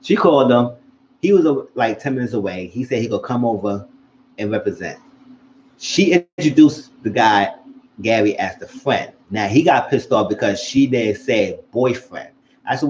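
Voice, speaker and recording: A man casually recapping a TV episode, animated and acting out what the characters said. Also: fairly low pitch, moderate pace, highs cut off, slight background noise. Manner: animated, acts out characters' lines. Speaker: show recap vlogger.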